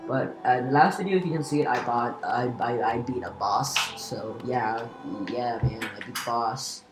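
Very low-voiced woman rambling over gameplay. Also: moderate pace, music in the background. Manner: rambling, self-mocking, stumbling restarts. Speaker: let's play host. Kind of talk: casual gameplay commentary. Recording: roomy echo with steady background noise.

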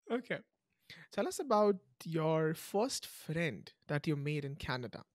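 A man hosting a casual interview, upbeat and quick to laugh as he asks questions. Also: a little high, a little mellow, no room sound, studio quality. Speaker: interviewer host.

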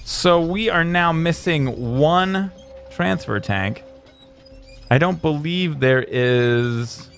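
A man's voice: a little high, slow, vocal fry, faint music behind. A man commentating his own gameplay, chatting casually and taunting enemies in playful bursts. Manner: playful trash talk to enemies, bursts of shouting in fights. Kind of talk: let's play commentary.

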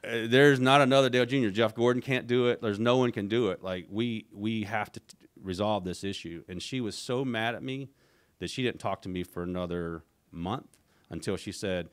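Speaking at normal speed in a fairly low voice, a middle-aged podcast guest rambles through a long story. He restarts often and acts out the quotes in this casual interview.

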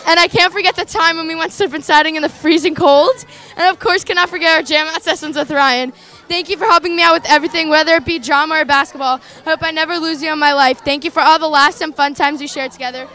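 Bright high-voiced girl reading a toast. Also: fast. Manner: affectionate, reads from a written note. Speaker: friend giving a toast. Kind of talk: reading a heartfelt speech.

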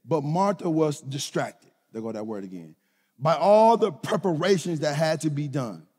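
A middle-aged male pastor, preaching a lively sermon that swings from shouts to hushed low lines. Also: normal speed, slightly rough. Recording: hall reverb.

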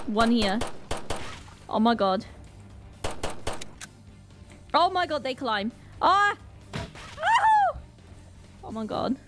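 A woman with a Northern Irish accent giving excitable gameplay commentary, full of panicked exclamations. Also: on the high side. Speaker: gaming channel host.

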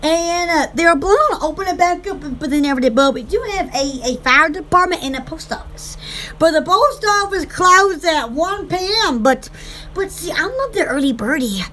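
A woman's voice: very high-pitched, expressive, moderate pace, bright, forceful tone, a little hiss or hum. A woman, hosting her online shop in rambling casual chat, giggly and silly, laughing and squealing often.

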